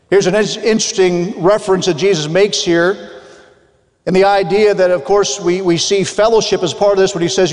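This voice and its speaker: A man's voice: sits high, steady tone, quick pace, darkish tone. A man preaching a sermon earnestly, reading old scripture aloud with frequent restarts. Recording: long hall reverb.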